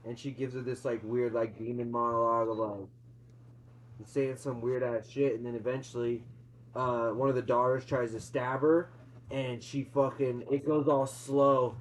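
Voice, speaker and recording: A man retelling a horror film's plot in a casual, excited, swear-heavy chat, laughing as he goes. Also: mid-range voice, normal speed, slight background noise. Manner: excited, profane, laughing storyteller. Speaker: co-host, movie reviewer. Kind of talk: casual movie review chat. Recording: dull lo-fi sound.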